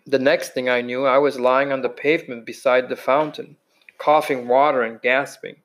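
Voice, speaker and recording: A man reading a novel aloud in a mid-pitched voice. His reading is plain and unpolished, with the occasional restart or stumble over a phrase. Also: steady tone, normal speed, fairly bright tone, poor audio. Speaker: reader.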